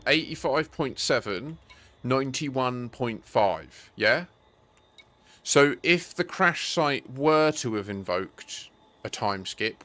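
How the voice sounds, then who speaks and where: Bright-voiced man chatting over gameplay. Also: mid-range voice. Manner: rambling, playful, sings snatches. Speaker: game streamer. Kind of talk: casual gameplay chat.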